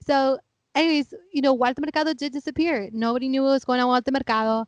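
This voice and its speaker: Brief: woman, 30s, podcast co-host, lively storyteller, fairly high voice, dry close sound. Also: quick pace, no echo, lo-fi sound. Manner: animated storyteller, acts out family members; laughing, chatty. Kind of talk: casual chat.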